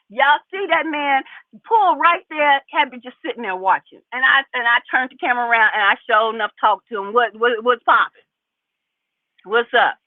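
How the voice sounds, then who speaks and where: A woman's voice: fairly high pitch, no room sound. A woman livestreaming from a parked car, preaching emphatically to her chat and firing off rhetorical questions. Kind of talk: casual livestream rant to chat. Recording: tinny phone-like livestream audio.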